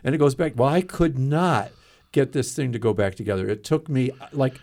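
A man's voice: mid-range voice, normal speed, a little mellow. A man who is a retired veterinarian co-hosting a casual radio interview, chatty and fond of telling stories. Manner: chatty, storytelling, laughs easily.

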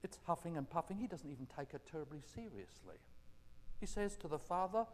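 A man preaching a gentle, conversational sermon full of rhetorical questions. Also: a little high, big pitch swings, brisk. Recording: echoey hall reverb.

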